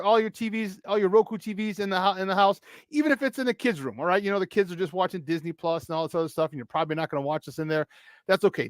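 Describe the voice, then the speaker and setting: A man hosting a morning sports talk show, loud, hyped up and playful as he talks to viewers. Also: high-pitched, no echo, clean studio sound.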